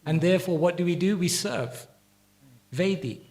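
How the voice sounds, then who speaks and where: A man's voice: high-pitched, normal speed, a little mellow. A man teaching a spiritual class, answering questions in a reflective, conversational way with frequent restarts. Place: temple hall.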